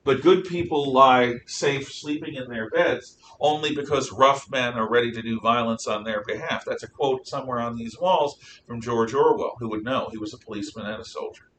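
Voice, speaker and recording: A man's voice: mid-range voice, normal speed, hardly any pauses, a bit bright, far from the mic, slight background noise. A man teaching a Bible class, telling stories in an emphatic, conversational way with rhetorical questions.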